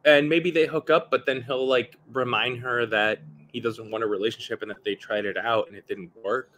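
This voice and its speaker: A man's voice: mid-range voice, steady tone, moderate pace, a bit bright, slight background noise. A man chatting casually as a podcast guest, talking with animation and mimicking the people he describes. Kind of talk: casual chat. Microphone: video call.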